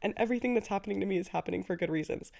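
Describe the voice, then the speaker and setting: A woman's voice: medium pitch, very fast, gravelly, mellow. A woman in her twenties hosting a casual solo podcast, chatty and effusive, laughing often. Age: 20s. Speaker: podcast host.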